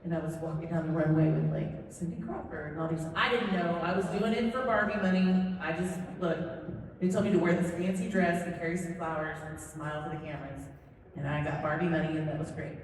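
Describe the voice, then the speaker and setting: A woman's voice: sits low, fairly quick, slight background noise. A middle-aged woman from Southern California, a voice actor telling stories and joking with fans at a convention Q&A panel. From Southern California, USA. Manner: chatty, animated, self-deprecating joking. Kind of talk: convention Q&A storytelling. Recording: echoey hall, voice from far off.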